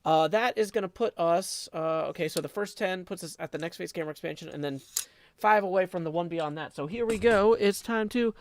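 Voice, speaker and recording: A man hosting a casual livestream, talking in a halting way full of ums and likes and cheerfully reading out viewer tips. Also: on the high side, creaky. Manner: reads viewer tips aloud, upbeat. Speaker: livestream host.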